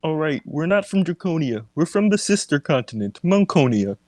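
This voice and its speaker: Playful young man with a lively voice. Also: a little high, normal speed. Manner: playful, laughing. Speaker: player. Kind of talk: tabletop game play.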